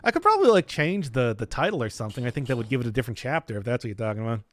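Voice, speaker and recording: In a no-room-sound recording, a medium-pitched man speaks very fast with big swings in pitch. He's streaming a video game and chatting casually, joking, rambling, and restarting his sentences as he responds to chat.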